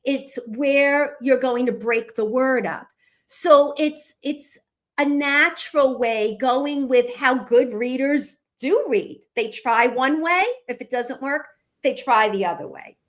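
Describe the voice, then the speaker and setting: This is a woman co-hosting a podcast. She talks in a high register and takes her time. She explains things patiently, one step after another. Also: slow pace. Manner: patient, walks through examples step by step. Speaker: podcast co-host explaining reading instruction.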